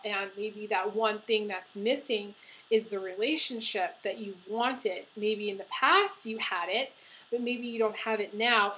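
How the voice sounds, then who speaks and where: A woman's voice: medium pitch, fairly bright tone, slight background noise, rough recording. A woman giving a casual tarot reading to camera, emotional and crying as she talks, with many ums and restarts. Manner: emotional, tearful, laughing through tears. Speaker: tarot reader.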